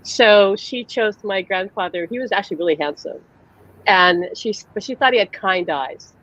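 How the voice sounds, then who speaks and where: A woman's voice: mid-range voice, moderate pace, fairly bright tone, muffled recording. A woman who works as a psychic medium, hosting a live-streamed conversation and telling stories animatedly over a video call, laughing often.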